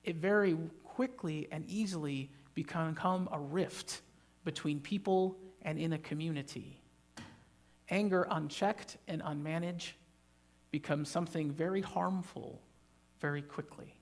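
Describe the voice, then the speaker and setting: A man as pastor preaching a sermon in a church, emphatic, building to loud animated bursts and joking with the congregation. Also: a little high, unhurried.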